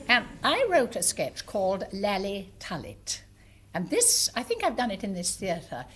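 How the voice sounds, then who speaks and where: A woman's voice: medium pitch, huge pitch swings, measured pace, a bit bright, breathy edge. An older woman entertainer telling anecdotes to a theatre audience, chatty and amused, with small hesitations. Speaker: stage entertainer and monologue writer. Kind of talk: anecdotal stage talk. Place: live theatre before an audience.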